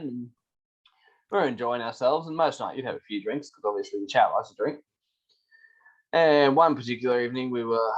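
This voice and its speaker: An Australian man co-hosting a casual chat show, laughing his way through relaxed travel stories. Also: lowish voice, highs cut off. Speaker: podcast co-host.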